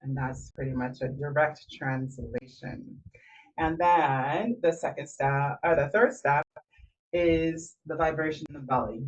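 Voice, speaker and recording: Woman voice coach, a little distant. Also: extremely low pitch. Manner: demonstrative, shifts voice to illustrate points. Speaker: voice coach co-host. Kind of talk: casual podcast chat. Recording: muffled audio, a bit far from the mic.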